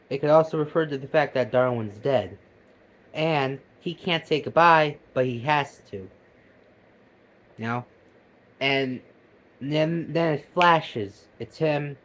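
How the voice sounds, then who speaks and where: A man talks through a video he has just watched, cursing freely and jumping between loud excited bursts and quiet mutters. His voice sits a bit higher than most men's. He sounds keyed up and talks in a casual, rambling way. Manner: animated, profane, jumps between loud outbursts and mutters. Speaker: video reactor.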